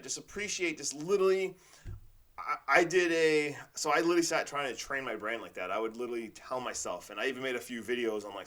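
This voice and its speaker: A man's voice: mid-range voice, sharp tone. A man hosting his own podcast in a casual motivational monologue, rambling and enthusiastic, with lots of fillers. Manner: says "like" and "literally" often. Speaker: podcast host.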